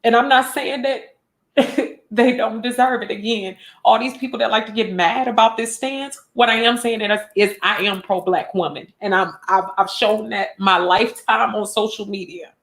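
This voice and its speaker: A woman's voice: fairly high pitch, fairly even intonation, normal speed, a bit bright. A woman vlogger, speaking earnestly and emotionally, near tears, repeating lines for emphasis. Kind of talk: emotional direct-to-camera vlog talk. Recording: roomy echo.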